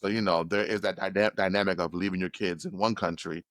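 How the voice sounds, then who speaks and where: A man hosting a podcast, asking searching questions in a relaxed conversational way with many restarts. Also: sits low, fast talker, no room sound. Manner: warm, probing questions with frequent restarts. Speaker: podcast host. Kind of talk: casual interview chat.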